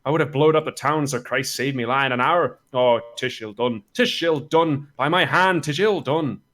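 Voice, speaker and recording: A man's voice: a little high, expressive, fairly quick, pushed and bright. A man playing a hot-tempered, cursing army captain in a comic Shakespeare read-through over a voice call. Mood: blustering. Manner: blustering, swearing oaths, stumbling through lines.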